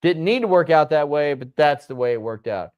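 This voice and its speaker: A man's voice: a little high, animated, fairly quick, a little mellow, smooth, muffled recording. A man co-hosting a casual wrestling chat show, rambling and restarting his phrases, swearing now and then. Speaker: podcast co-host.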